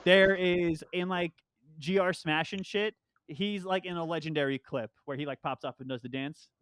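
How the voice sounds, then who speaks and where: A man's voice: fairly high pitch, normal speed, fairly bright tone, smooth, dry recording. A young man from New York with no accent, chatting loosely as a guest about playing Smash. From Long Island, New York. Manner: rambling, loose, swears often. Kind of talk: casual podcast chat.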